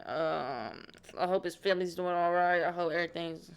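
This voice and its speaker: A man's voice: high-pitched, moderate pace, gravelly, clean tone. Blunt, cursing reaction host, man. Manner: blunt, profane, emphatic. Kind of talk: casual reaction commentary.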